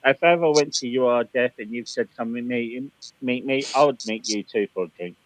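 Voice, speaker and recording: A man chatting on an online panel, joking around in slang and breaking into loud laughing outbursts. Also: medium pitch, a little fast, no room sound, low-quality recording. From Scotland (family). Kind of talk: casual online panel chat.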